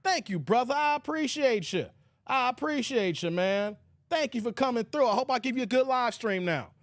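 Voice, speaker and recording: A man hosting a live stream in a casual commentary style, reading out viewer chat and reacting loudly. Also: extremely high pitch, normal speed, dry recording. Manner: animated, exclamatory, reads viewer chat aloud.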